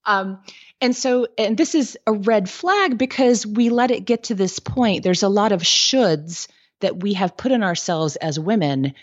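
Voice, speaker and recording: A woman guest giving candid business advice in a podcast interview, telling lively stories with lots of "like" and "um". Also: mid-range voice, measured pace, dull audio. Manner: candid, lively storytelling with frequent "like" and "um".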